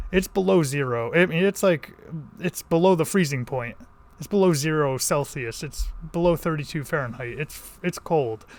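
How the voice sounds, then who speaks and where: A man from the Connecticut countryside telling a long story in a casual vlog, rambling with many restarts and fillers. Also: on the high side. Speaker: vlogger.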